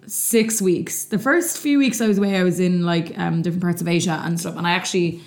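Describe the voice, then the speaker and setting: Irish woman, young, quick low-ish delivery, animated storyteller, swears, podcast co-host. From Ireland. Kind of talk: casual chat.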